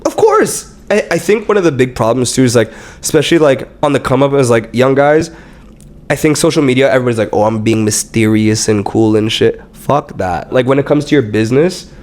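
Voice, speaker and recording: This young startup founder speaks at a medium pitch and a fairly quick clip during a casual podcast interview. He's a lively storyteller who performs other people's lines for effect, cursing freely throughout.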